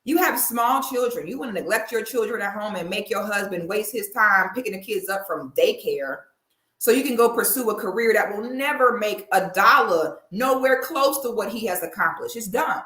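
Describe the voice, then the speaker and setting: A woman's voice: medium pitch, lively intonation, moderate pace, a bit bright, echoey room. A woman giving blunt, opinionated commentary in a sassy, preachy way. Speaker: commentary vlogger.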